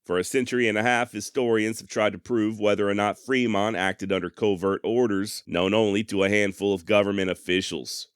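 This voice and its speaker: A man's voice: on the low side, steady tone, brisk, few pauses, smooth, no echo, clean studio sound. A man hosting a history podcast, joking at his own expense with a sarcastic, folksy humor. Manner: self-deprecating, sarcastic humor. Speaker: podcast host. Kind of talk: casual history podcast narration.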